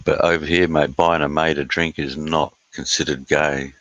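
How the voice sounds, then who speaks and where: A middle-aged Australian man chatting casually on a live stream, reading chat aloud, blunt and sweary with many filler pauses. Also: very deep voice, flat delivery, fairly bright tone, no room sound, highs cut off.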